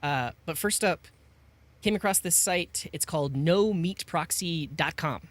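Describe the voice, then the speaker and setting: A man's voice: on the high side, unhurried. A man co-hosting a tech podcast, explaining his views in an earnest, opinionated way. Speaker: podcast co-host. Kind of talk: casual tech podcast chat.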